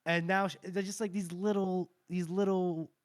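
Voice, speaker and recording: A male podcast co-host talks in a loose, rambling way, full of fillers and restarts. His voice sits a little high. The sound is close and dry with no room echo. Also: level tone, normal speed. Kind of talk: casual chat.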